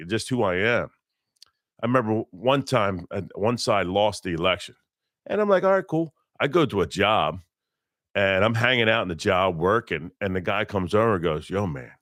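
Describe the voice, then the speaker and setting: Deep-voiced middle-aged man telling blunt work stories. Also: a bit bright, no echo, clean studio sound. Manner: rambling, blunt, self-correcting. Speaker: interview guest, electrician. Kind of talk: casual storytelling.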